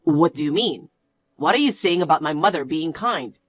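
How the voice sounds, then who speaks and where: A woman's voice: sits low, expressive, normal speed, no echo. A woman voicing a defensive jobless fiancé. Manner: defensive and bossy. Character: irritable young adult man, a jobless fiancé. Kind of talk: storytelling with acted dialogue.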